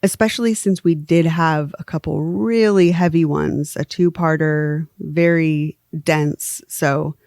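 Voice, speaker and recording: Woman podcast co-host, low-pitched, casual and giggly, dry studio sound. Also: slow pace, hardly any pauses, no echo. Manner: laughs often, relaxed and chatty. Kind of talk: casual chat.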